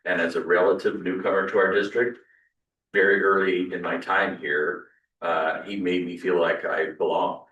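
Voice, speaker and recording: A man's voice: low-pitched, flat delivery, moderate pace, fairly bright tone, dull audio. A man who is a school principal addressing a board meeting in a friendly, earnest way. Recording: roomy sound from a distant mic.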